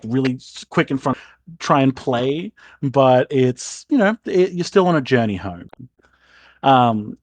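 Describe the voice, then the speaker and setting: A man running a tabletop game, narrating in a loose, rambling flow with casual swearing. His voice sits at a middle pitch, and the sound is dry and close. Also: dry recording. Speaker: game master.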